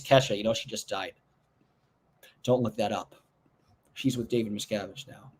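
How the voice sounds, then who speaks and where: A man's voice: on the low side, moderate pace, pauses often, breathy edge. A man hosting a casual livestream, rambling through viewer comments with restarts and joking asides. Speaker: livestream host. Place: indoors at home.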